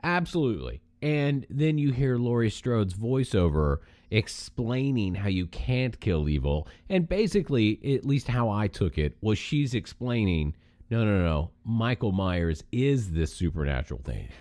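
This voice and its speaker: A man's voice: fairly low pitch, unhurried, no echo, studio quality. A man co-hosting a podcast in casual chat, telling stories with emphatic energy. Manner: animated, emphatic storytelling. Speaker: podcast co-host.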